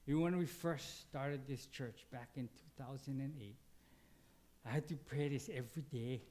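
A man with a darkish tone preaches as a pastor at normal speed, keeping the sermon conversational and questioning the congregation. He acts out brief quoted dialogues dynamically, with abrupt jumps in pitch.

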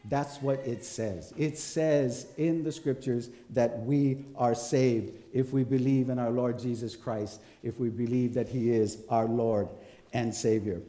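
A man's voice: mid-range voice, steady tone, a little slow, dark tone. A man preaching a conversational sermon, telling stories and checking in with the congregation as he goes. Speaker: pastor. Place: church. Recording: roomy hall echo.

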